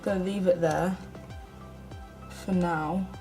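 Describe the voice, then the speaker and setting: A woman's voice: lowish voice, fairly even intonation, takes it slowly, warm tone, soft background music, poor audio. A young woman from the UK chatting casually through a makeup tutorial, self-mocking and often half-muttering to herself. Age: young adult. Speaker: beauty vlogger.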